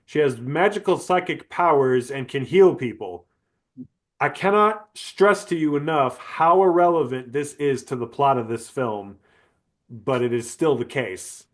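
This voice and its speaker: A man's voice: medium pitch, unhurried. A man co-hosting a podcast, giving a casual, comedic movie review and ranting with lots of swearing and emphasis. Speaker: podcast co-host.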